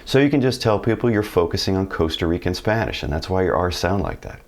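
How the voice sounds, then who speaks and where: A man's voice: sits low, sing-song, quick pace, vocal fry. A man teaching a Spanish pronunciation lesson to viewers, friendly and dropping joking asides. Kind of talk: video language lesson.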